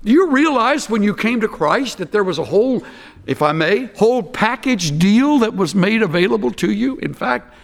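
A man preaching an expository sermon, emphatic and slowing down to stress key phrases. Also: high voice, lively intonation, vocal fry, long reverb tail.

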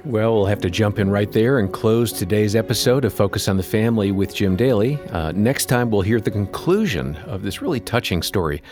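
Male radio co-host, lowish voice, soft music bed. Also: lively intonation, fairly quick, hardly any pauses. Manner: smooth announcer reading closing notes. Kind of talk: broadcast show outro.

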